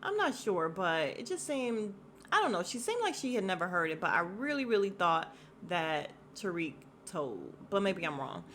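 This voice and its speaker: A woman hosting a casual podcast, recapping a TV drama episode in an animated way, swearing freely and laughing as she retells scenes. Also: fairly low pitch, normal speed, a little hiss or hum. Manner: laughs often while recounting.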